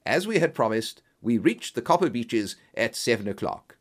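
Man, audiobook narrator, animated pitch, measured delivery, detective story. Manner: measured, expressive, voices each character.

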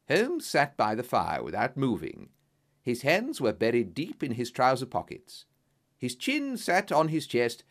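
A man reading a story aloud as narrator, in an expressive, dramatic style. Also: medium pitch.

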